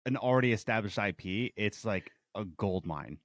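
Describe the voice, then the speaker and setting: A man's voice: lowish voice, expressive, normal speed, dry recording, studio quality. A man co-hosting a podcast in casual chat, laid-back and brief in his remarks. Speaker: podcast co-host.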